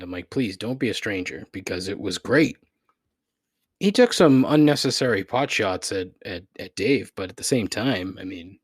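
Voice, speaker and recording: Heavy swearing and wry, self-mocking laughter fill this solo podcast rant by a frustrated male host whose voice is fairly low and husky. It's a clean studio recording with no room sound.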